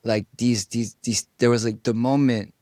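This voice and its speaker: A man being interviewed, telling stories from his life in a casual, animated way, acting out what people said and swearing now and then. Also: mid-range voice, moderate pace, no room sound, studio quality. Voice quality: gravelly. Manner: animated storyteller, acts out quotes, swears. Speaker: interview guest. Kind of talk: casual storytelling.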